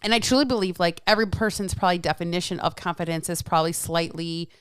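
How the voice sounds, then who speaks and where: A woman's voice: on the low side, fast talker, clean tone, no room sound, clean studio sound. A woman, chatting frankly as a podcast guest, swearing freely and acting out quotes. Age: 40s. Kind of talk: casual podcast chat.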